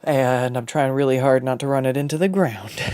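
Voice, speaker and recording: Vtuber artist just chatting on stream while drawing, rambly, cusses a lot, mid pitch, super dry close mic. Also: normal speed, a little mellow, dry recording. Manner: rambling, loose, swears freely when annoyed; self-deprecating, laughs often.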